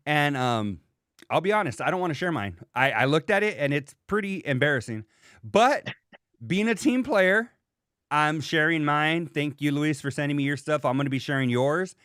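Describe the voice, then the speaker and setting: A man hosting a podcast, talking in a loose, profane ranting style as he tells stories and acts out what people said. His voice sits a little high for a man. The recording is dry and close, with no room sound. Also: animated, moderate pace, a bit bright, smooth, no echo. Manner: profane, storytelling rants with quoted dialogue. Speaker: podcast host. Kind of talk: casual podcast chat.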